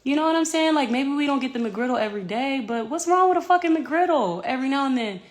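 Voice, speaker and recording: With a high, expressive voice and a fast delivery, a singer in her thirties chats to camera at her home with a yard. She's candid and rambling and swears freely.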